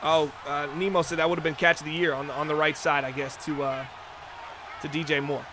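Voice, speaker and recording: A man hosting a football video game livestream, calling the plays in excitable play-by-play and chatting to viewers. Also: a little high, fairly quick, noisy background. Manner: excitable, chatty, talks straight to the chat viewers. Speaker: livestream host and commentator.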